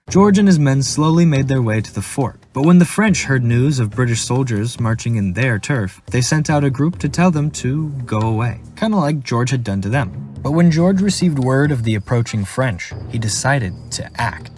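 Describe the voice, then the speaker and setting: Deadpan joking male narrator. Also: mid-range voice, normal speed, hardly any pauses, faint music behind. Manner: deadpan, jokey, playful voice shifts. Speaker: narrator and creator of animated history comedy. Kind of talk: comedic scripted narration.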